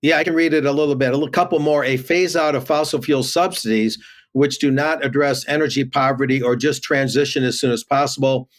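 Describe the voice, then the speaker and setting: A man's voice: medium pitch, fairly even intonation, fairly quick. A man giving remote news commentary, reading headlines aloud with many fillers and restarts.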